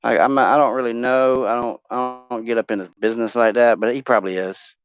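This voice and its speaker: A man's voice: mid-range voice, steady tone, fairly quick, smooth, dry recording, highs cut off. A man hosting a casual talk show, joking and rambling through would-you-rather questions with lots of fillers.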